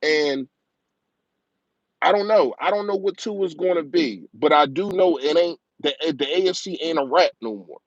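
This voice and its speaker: A man with a slightly high voice rants on a live stream, passionate and quick, hammering his points again and again. The sound is dry and close, with a slightly dull, muffled tone. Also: no echo. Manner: passionate, rapid, ranting fan talk with emphatic repetition. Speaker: live-stream football talk host. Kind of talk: casual live-stream sports rant.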